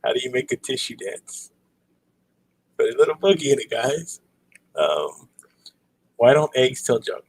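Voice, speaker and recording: A man's voice: mid-range voice, sing-song, a little slow, pauses often, breathy edge, no room sound, rough recording. A man hosting a casual livestream, reading out dad jokes and cracking himself up with laughter. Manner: giggly, breaks into laughter at own jokes. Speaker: livestream host.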